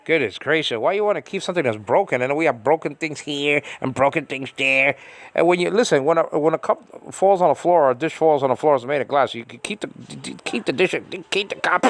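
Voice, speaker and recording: A man's voice: on the high side, sing-song, a little fast. An American man ranting in a casual home monologue, exasperated and repetitive, full of fillers and restarts. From United States. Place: small room at home.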